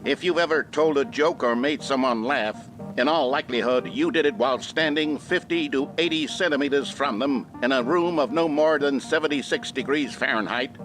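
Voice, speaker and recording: A man's voice: mid-range voice, moderate pace, close to an everyday voice. An actor playing an upbeat, earnest male announcer in an instructional film within a video game. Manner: upbeat, earnest, mock-educational. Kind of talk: scripted narration. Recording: narration over clear music.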